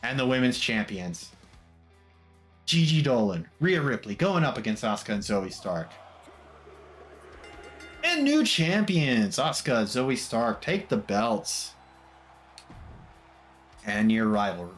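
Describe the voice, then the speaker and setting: This commentator's mid-range voice swings widely in pitch, and he speaks slowly with frequent pauses. Background music plays as he recaps wrestling matches in casual, wry fashion, dropping mock quotes.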